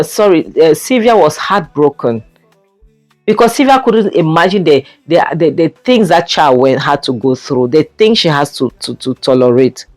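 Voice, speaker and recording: A man's voice: on the high side, dry recording. Impassioned Nigerian man reviewing a film. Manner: scolds a character directly, emphatic and repetitive. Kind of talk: impassioned movie recap and review.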